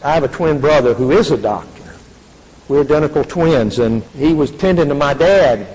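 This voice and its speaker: A man's voice: fairly high pitch, lively intonation, moderate pace, darkish tone, husky. An older man giving an earnest faith testimony, speaking with a preacherly, repetitive cadence. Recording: reverberant hall.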